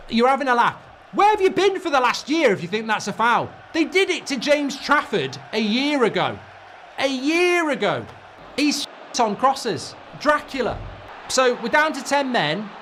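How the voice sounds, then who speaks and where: A man's voice: very high voice, a bit bright, slight background noise. Ranting man reacting to a match. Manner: ranting, swearing, exasperated. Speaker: football fan channel host. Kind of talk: live match reaction commentary.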